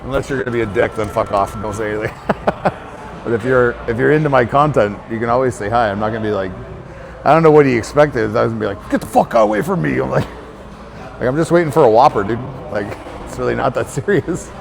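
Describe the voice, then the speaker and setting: Gravelly-voiced man telling a rambling story. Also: medium pitch, fast, slight background noise. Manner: rambling, profane, heavy on filler words. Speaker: fitness trainer and channel host. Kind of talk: casual storytelling to camera.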